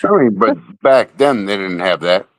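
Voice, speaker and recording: A man's voice: lowish voice, normal speed, dry recording. A man chatting with a host, answering briefly and asking short, interested questions. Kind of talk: casual chat.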